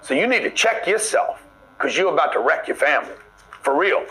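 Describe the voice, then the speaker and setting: A man delivers a forceful motivational talk, blunt and preachy as he pushes the listener to stop getting comfortable. His voice sits a little higher than most men's. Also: very animated, fairly quick, poor audio. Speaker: motivational speaker.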